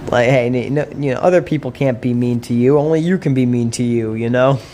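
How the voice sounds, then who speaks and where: A man's voice: mid-range voice, fairly even intonation, fairly quick, warm tone, slight background noise. A man casually chatting while he plays, laid-back and chuckling, talking to himself and his dog. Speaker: streamer. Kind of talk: casual gameplay chat.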